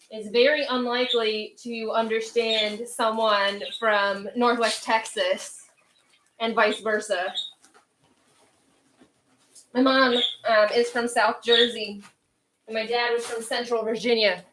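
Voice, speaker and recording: American woman, thirties, livestream host, chatty, answers chat, highish voice, roomy echo. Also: fairly even intonation, slow, fairly bright tone. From United States. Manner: chatty, answers viewers by name, thinks aloud with fillers. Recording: echoey room with faint noise.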